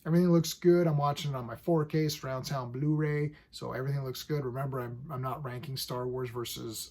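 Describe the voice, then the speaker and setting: A man in his forties talks through a TV episode in a loose, chatty way, with plenty of "um" and "like". His mid-pitched voice has a gravelly edge, and he keeps acting out scenes as he goes. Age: 40s. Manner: chatty and enthusiastic, lots of fillers, acts out scenes. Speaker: TV episode reviewer. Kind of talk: casual episode review.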